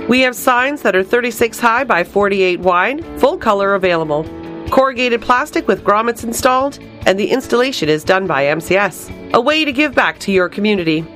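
A woman reading a radio advertisement in a friendly, clear, promotional way. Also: mid-range voice, a bit bright. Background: faint guitar music.

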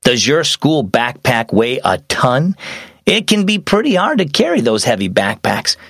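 A young adult man hosting a children's devotional show, reading a scripted story with animated storytelling. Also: medium pitch, a little slow, husky, no echo, clean studio sound.

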